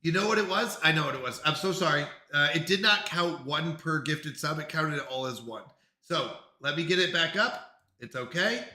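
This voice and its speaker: A man's voice: a little high, lively intonation, moderate pace, bright, forceful tone, roomy sound. A man live-streaming in casual chat, flustered and apologetic as he talks himself through technical trouble.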